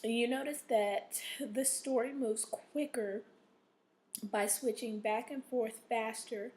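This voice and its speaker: A woman teacher with a somewhat high voice records a reading lesson for young pupils. She talks patiently, stops often to check in with them, and reads passages aloud with expression to model it. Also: fairly even intonation, slow, darkish tone. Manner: patient, repeats "okay?" to check in.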